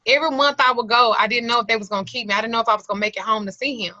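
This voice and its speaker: Earnest woman telling a personal story, bright voice. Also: on the high side, fairly even intonation, very fast, no echo. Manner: candid, colloquial, earnest storytelling. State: close to tears. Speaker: occult class teacher. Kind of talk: emotional personal testimony. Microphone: video call. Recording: slightly lo-fi video call audio.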